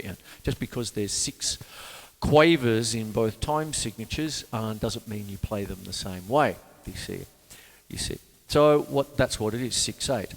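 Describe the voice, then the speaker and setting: A man's voice: mid-range voice, expressive, measured pace, big-room sound. A man with an Australian accent teaching drums in a casual, rambling way, counting beats aloud and often saying "you see". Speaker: drum teacher. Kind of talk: casual music lesson.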